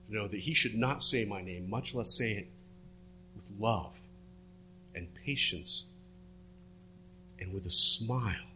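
A man preaching a sermon, retelling a story and dropping his voice low and soft for the quoted words. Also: slow pace, pauses often, slight background noise. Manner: storytelling, drops to hushed tones for quoted words.

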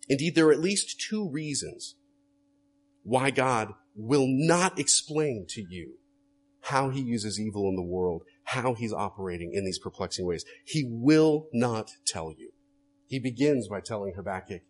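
A man's voice: mid-range voice, animated, unhurried. A man preaching a sermon as a pastor, earnest and direct, often putting rhetorical questions to his listeners.

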